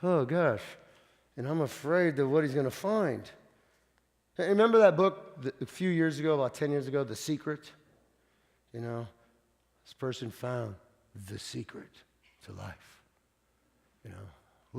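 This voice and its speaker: A man preaching a conversational sermon, with frequent stumbling repeats, swinging between loud and hushed. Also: mid-range voice, unhurried, creaky, pauses often, big-room sound. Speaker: pastor.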